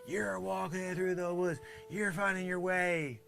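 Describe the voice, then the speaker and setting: A man's voice: high-pitched, steady tone, measured pace, vocal fry, fairly bright tone, faint music behind, exaggerated voice. A man acting a smug, scheming character in a comedy sketch, muttering persuasive asides.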